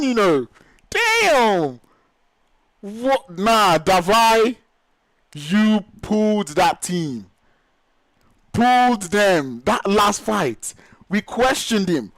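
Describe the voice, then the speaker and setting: A man whose first language is Yoruba, casting live esports play-by-play in an excitable, gushing, exclamatory way. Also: high-pitched, drawn-out words, pauses often, dry recording, rough recording. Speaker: esports caster.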